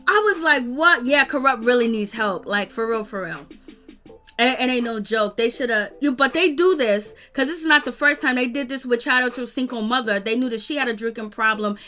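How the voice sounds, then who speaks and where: A woman's voice: on the high side, soft background music. A woman, chatting casually and animatedly while she recaps a reality show live. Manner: animated, slangy, breaks into quick prayer. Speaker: reality TV reviewer.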